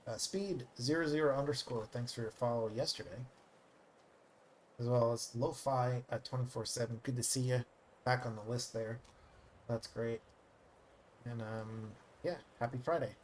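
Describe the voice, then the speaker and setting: A man's voice: medium pitch, steady tone, normal speed, a little mellow, a little hiss or hum. A man chatting casually while live-streaming a video game, rambling with lots of fillers and joking at his own expense. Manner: rambling, filler-heavy and self-mocking.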